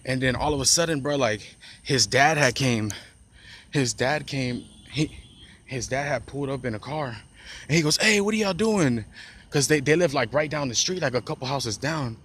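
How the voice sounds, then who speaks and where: A man's voice: medium pitch, normal speed, a bit bright, breathy edge. A man telling a personal story in a loose, rambling way, heavy on profane slang, restarts and "bro", recorded outdoors on a phone. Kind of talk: casual storytime monologue.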